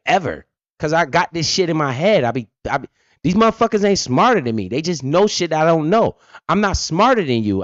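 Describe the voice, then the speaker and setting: A man's voice: a little high, no echo. Blunt, profane man on a stream. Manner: profane, blunt, fired-up, asks and answers his own questions. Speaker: finance livestream host. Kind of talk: casual explanatory livestream talk. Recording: dull lo-fi stream audio.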